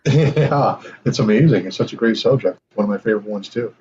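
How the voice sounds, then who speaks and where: A male podcast host asks follow-up questions in a fairly low voice. His audio is dull and lo-fi, with a faint hiss running underneath. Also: brisk, darkish tone. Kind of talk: casual interview.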